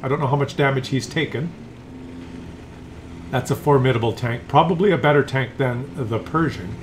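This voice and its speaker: A man's voice: mid-range voice, normal speed, a little hiss or hum. A man giving casual, chatty commentary on a tank game replay, teasing the player and chuckling with viewers.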